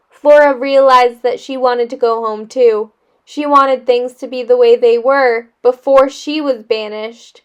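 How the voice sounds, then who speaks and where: A woman teacher reading a children's novel aloud in a measured, expressive way. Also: a little high, smooth, highs cut off.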